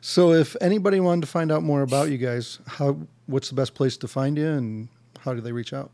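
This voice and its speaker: A man hosting a casual podcast interview, talking in a relaxed, reflective way. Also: mid-range voice, fairly quick. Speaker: podcast host.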